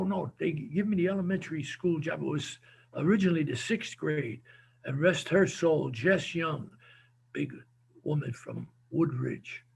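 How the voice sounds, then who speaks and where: A man, telling animated stories as an interview guest and often repeating his words. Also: fairly high pitch, gravelly, breathy edge. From New Jersey. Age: 70s. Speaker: guest, former football coach. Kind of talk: casual storytelling interview.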